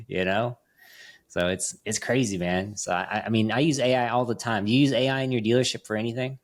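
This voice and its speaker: A man with a lowish voice who talks a little fast hosts a podcast, telling stories in a chatty, casual way full of fillers and restarts. He's from Las Vegas.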